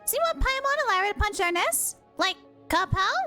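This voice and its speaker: A woman voicing a tiny chirpy fairy companion girl, asking eager questions in a squeaky, quick voice. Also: expressive, sharp tone, faint music behind, exaggerated voice. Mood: eager questioning.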